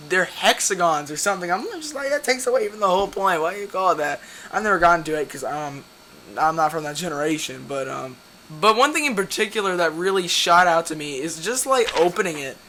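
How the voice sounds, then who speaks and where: A man's voice: sits high, animated, brisk, bright, forceful tone, a little hiss or hum. A young man hosting his own comic book video, talking casually and rambling, often losing his train of thought and correcting himself.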